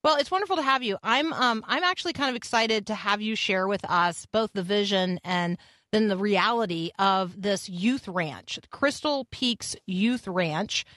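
A woman's voice: mid-range voice, moderate pace, no echo. Welcoming female radio host, dry sound. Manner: warm, welcoming, with fillers. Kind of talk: interview introduction.

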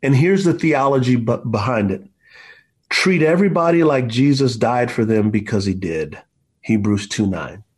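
A man's voice: mid-range voice, lively intonation, normal speed, darkish tone, husky. A man in his forties, an author being interviewed, telling stories in an emphatic, preacher-like way and often saying "man". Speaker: author and guest. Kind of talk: impassioned storytelling in an interview.

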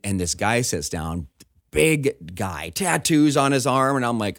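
A middle-aged man, a pastor, telling a personal story in casual conversation, animated and acting out the voices of the people in it. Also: mid-range voice, normal speed, no room sound, studio quality.

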